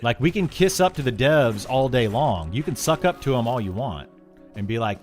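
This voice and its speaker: A man's voice: medium pitch, lively intonation, normal speed, faint music behind. A man live-streaming and answering chat, frank and opinionated, often restarting his sentences when heated. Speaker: game streamer.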